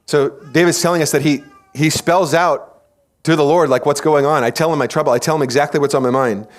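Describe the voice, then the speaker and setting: A pastor in a church delivers a teaching sermon with animated storytelling. His voice sits a little higher than most men's, and he often slips into quoted voices and puts questions to the congregation. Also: a little fast.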